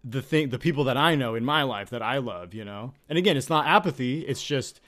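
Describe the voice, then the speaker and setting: A man's voice: medium pitch, lively intonation, a little fast, a bit bright. Blunt, opinionated man in casual chat.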